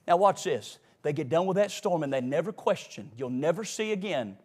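A man preaching to his congregation in a notably high voice. His delivery rolls in a sing-song cadence, rising to shouts and dropping to hushed asides. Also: animated, normal speed, breathy edge. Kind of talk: sermon.

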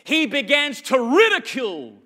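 A man preaching a sermon with rhythmic repetition and loud, fiery peaks. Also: very high-pitched, sing-song, normal speed.

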